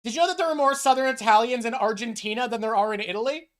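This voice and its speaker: A woman's voice: a little high, fast talker. A woman host of a streamed chat show, from North America, ranting emphatically and swearing often in casual talk.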